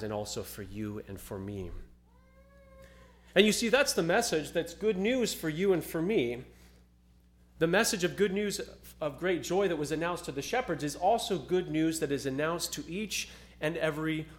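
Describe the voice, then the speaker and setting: Man preaching an earnest sermon. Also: a little high. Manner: earnest preaching, swells louder on scripture readings. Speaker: pastor.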